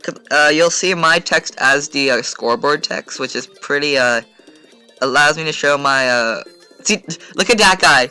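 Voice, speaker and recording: Bright-voiced man rambling over gameplay. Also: mid-range voice, normal speed, clear, resonant tone, soft background music. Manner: rambling, filler-heavy, chatty. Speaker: gaming channel host. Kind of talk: casual gameplay commentary.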